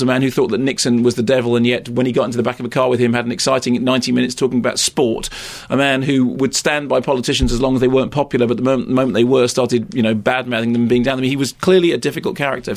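A middle-aged film critic co-hosts a casual podcast chat about movies, rambling and digressing with a wry edge. His voice is mid-range and gravelly.

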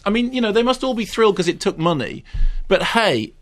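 A man reviewing films on a radio chat show, opinionated and given to exasperated rants that climb in pitch. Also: big pitch swings, fairly quick, a bit bright. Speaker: film critic.

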